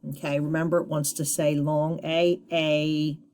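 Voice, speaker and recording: A woman teaches a phonics lesson to young children with a patient, encouraging manner. Her voice sits fairly low and she speaks slowly, sounding each syllable out. She keeps praising and nudging her students along. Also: level tone, a little mellow, clear, resonant tone.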